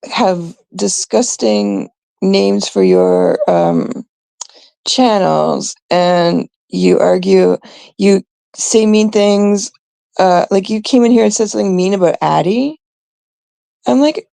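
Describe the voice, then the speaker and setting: A woman from Canada, hosting her own live stream, rants bluntly and with exasperation. Her voice is heavily gravelly and mellow, and her delivery is slow and drawn out, with many fillers and pauses. The sound is dry and close. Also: mid-range voice, lively intonation, no room sound. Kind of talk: ranting live stream commentary.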